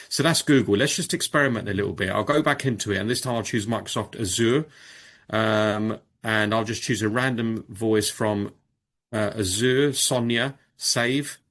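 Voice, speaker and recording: A man casually presenting on a video call, demonstrating software and thinking aloud, with frequent fillers and restarts. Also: mid-range voice. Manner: informal, with many fillers and restarts. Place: home or office on a video call. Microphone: video call microphone.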